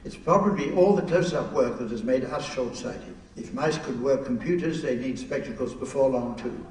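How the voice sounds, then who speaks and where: A man chairing a live comedy panel, reading out questions in a dry, deadpan way and stumbling over the text. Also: medium pitch, moderate pace. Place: large theatre with live audience. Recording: echoey, distant theatre recording with noise.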